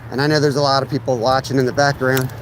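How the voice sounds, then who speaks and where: A man's voice: medium pitch, level tone, quick pace, noisy background. A man hosting a live ice fishing stream outdoors by a lake, losing his voice, talking easily as he walks through his gear and plans. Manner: easygoing, explains gear as he sets up. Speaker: fishing channel host. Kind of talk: casual live-stream chat.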